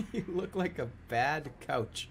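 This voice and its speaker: A man's voice: a little high, lively intonation, takes it slowly, a bit bright. A man streaming a video game, joking and rambling with a stuffy nose and a scratchy throat from a coming cold, swearing freely and drilling tongue twisters. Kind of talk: let's-play commentary.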